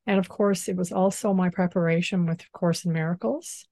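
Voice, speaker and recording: A woman with a low, mellow voice explains spiritual practice in a gentle, unhurried way. She pauses often and leans on "you know" as she talks, recorded dry and close. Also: fairly even intonation, creaky, no room sound. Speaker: spiritual teacher and channeler. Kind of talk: calm spiritual interview talk.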